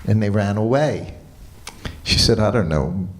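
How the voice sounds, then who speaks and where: A man giving a morning lecture at a temple, telling a personal story in a relaxed way and quoting what people said. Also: fairly low pitch, unhurried. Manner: relaxed anecdotal storytelling with quoted dialogue. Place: temple hall.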